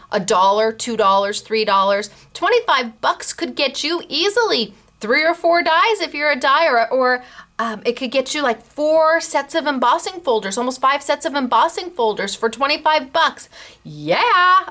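A woman hosting a craft shop video show, chatting through announcements in a bubbly, giggly way and spelling out names and numbers slowly. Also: sits high, lively intonation, sharp tone. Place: craft store.

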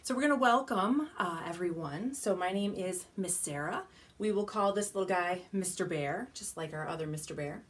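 A woman children's librarian leading a baby storytime from a small home studio, gentle and animated, often dropping to soft whispers. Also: on the low side, moderate pace. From United States. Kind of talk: baby storytime with rhymes and songs.

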